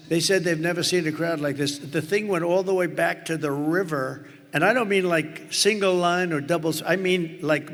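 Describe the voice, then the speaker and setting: Gravelly man rallying an arena crowd. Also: fairly high pitch, pushed and bright. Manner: rambling, boastful, off-the-cuff asides. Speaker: political candidate at a rally. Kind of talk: rally speech. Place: large indoor arena. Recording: arena with long reverb and crowd noise. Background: cheering crowd.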